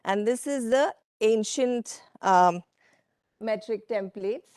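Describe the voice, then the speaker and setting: A woman giving a workshop presentation from slides, speaking in a measured way with frequent fillers and asides to the audience. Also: a little high, a little mellow, clear, resonant tone, no echo, clean studio sound. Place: conference room.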